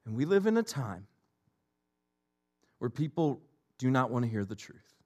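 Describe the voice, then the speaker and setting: A man's voice: medium pitch, very animated, a little slow, dark tone. A middle-aged man preaching a sermon as a pastor, emphatic and repetitive in his delivery.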